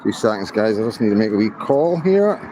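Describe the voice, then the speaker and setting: A man's voice: lowish voice, sing-song, fairly quick. A man in his fifties, livestreaming while walking a city street at night, talking in an impassioned, rambling way with swearing and many fillers. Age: 50s. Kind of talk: live street vlog. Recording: outdoor street crowd noise.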